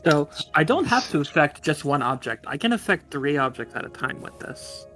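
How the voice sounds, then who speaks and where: A man's voice: fairly high pitch, sing-song, moderate pace, sharp tone, soft background music. A man playing a tabletop game, asking rules questions in casual chat.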